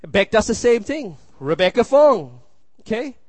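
Male pastor preaching, earnest, repeats himself, fairly high voice, dry sound. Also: big pitch swings, unhurried, darkish tone, dry recording. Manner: earnest, repeats phrases, asks the room "you see?". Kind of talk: sermon.

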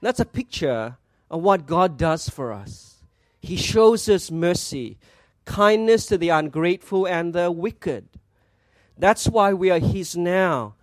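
A male pastor preaches earnestly, stopping to ask rhetorical questions and to quote scripture. His voice sits high for a man. The sound is dry and close, with no room around it. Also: dry recording. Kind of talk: sermon.

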